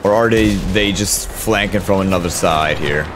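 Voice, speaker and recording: A man's voice: low voice, normal speed, background noise. A man streaming a war shooter, commenting on the action as he plays, swearing often and chatting with his viewers. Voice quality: swears often, talks to chat mid-game. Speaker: gaming streamer. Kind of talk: live gameplay commentary. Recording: game gunfire and explosions behind the voice. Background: gunfire and artillery from the game.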